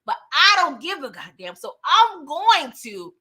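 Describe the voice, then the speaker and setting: A woman casually recapping a TV episode in slangy, animated talk, laughing often. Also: high-pitched, measured pace. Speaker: TV recap host.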